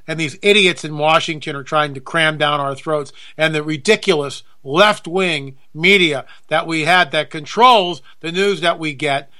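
A man's voice: a little high, sharp tone. A man hosting a talk radio show, delivering an indignant monologue and repeating his points for emphasis. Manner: indignant and repetitive, hammers points home.

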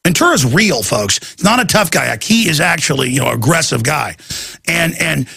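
A man hosting a talk radio show, telling stories in a fired-up, emphatic rant with a gravelly, raspy voice. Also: fairly high pitch, sing-song, moderate pace, bright, forceful tone, dry recording. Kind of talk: ranting talk radio monologue.

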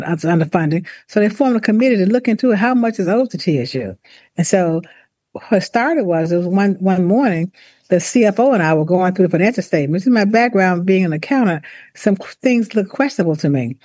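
A former university president and author gives an interview about her career, speaking in a deliberate, reflective way with frequent pauses, restarts, and laughs. Her voice is warm, mellow, and fairly low. The recording is close and dry, with no room sound.

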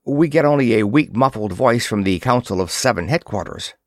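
A man's voice: medium pitch, expressive, brisk, no echo, clean studio sound, natural voice. A man voicing a frightened young clerk on a rocket ship, breathless and gasping. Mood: panicked.

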